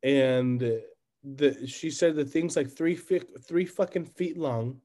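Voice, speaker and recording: A man, co-hosting a podcast, who tells crude stories and cracks his voice high when he's amazed. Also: slow pace, dark tone. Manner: profane storytelling, voice jumps up when incredulous. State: coughing when he laughs. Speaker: podcast co-host. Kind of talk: crude casual chat.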